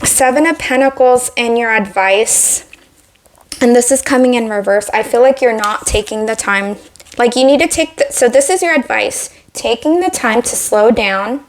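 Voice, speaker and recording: Woman tarot reader, casual and rambly, a bit out of breath, slightly high voice. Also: normal speed. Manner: rambling, heavy on "like" and restarts. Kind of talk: casual spoken tarot reading to camera.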